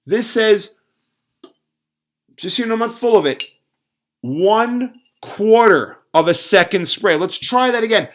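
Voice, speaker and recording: A man's voice: high voice, expressive, a little slow, pauses often, a bit bright. A middle-aged man ranting sarcastically in a casual home cooking vlog. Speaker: fitness vlogger. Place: home kitchen.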